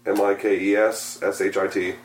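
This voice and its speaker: A man hosting a casual podcast, rambling and swearing freely, his voice going hoarse. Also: lowish voice, level tone, moderate pace, roomy sound. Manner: profane, rambling, self-mocking. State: losing his voice. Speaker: podcast host.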